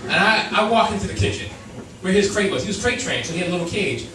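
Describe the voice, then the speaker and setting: A male stand-up comedian telling a story on stage, animated and acting out voices while laughing through his lines. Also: sits high, fast, noisy background. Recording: echoey club sound from far off with crowd. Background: laughing audience.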